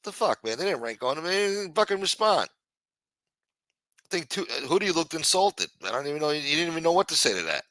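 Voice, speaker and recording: A man's voice: fairly high pitch, big pitch swings, quick pace, bright, forceful tone, no echo, studio quality. A man hosting a livestream, talking crudely and mockingly while reacting to his chat and thanking supporters. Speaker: livestream host. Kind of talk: profane casual commentary.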